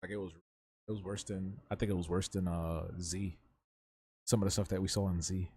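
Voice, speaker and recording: A man's voice: sits low, little pitch movement, brisk, warm tone, slightly rough, dry recording. A young man hosting a live drawing stream, chatting loosely in slang and answering his chat. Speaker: livestreaming artist.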